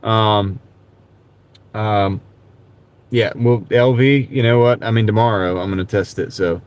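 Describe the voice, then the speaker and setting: A man's voice: fairly low pitch, fairly even intonation, measured pace. A man hosting a live stream from his car while gig driving. He chats casually with viewers in a laid-back, rambling way and often says "dude". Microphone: wireless clip-on mic.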